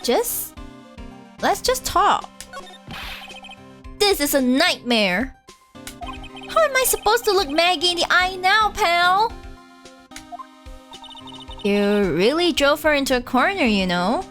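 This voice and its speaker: A woman voicing a gruff, excitable male police detective who ends his lines with "pal", read aloud from a game on a livestream. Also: sits high, slow, long pauses, faint music behind, full character voice. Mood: rueful.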